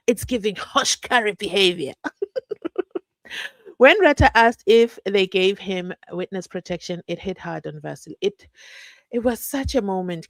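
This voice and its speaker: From home, a woman hosts a casual livestream, chatting, laughing often and reading viewers' comments out loud. Her medium-pitched voice comes through without echo.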